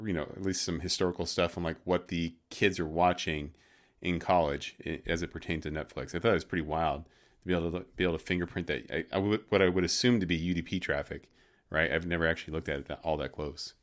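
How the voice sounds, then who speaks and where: A man's voice: low voice, steady tone, fast talker, a bit bright. A man co-hosting a podcast, talking hesitantly with many restarts. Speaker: podcast co-host. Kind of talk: casual tech chat.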